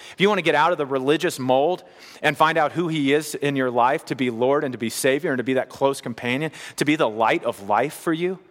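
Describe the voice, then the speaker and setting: Earnest male preacher in a reverberant hall. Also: on the high side. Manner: earnest, building to emphatic repetition. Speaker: pastor. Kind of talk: sermon.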